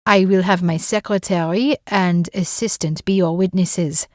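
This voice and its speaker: A woman voicing an older male French judge with a French accent, matter-of-fact and booming, in an audiobook. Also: steady tone, unhurried, a little mellow, no room sound, clean studio sound. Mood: measured.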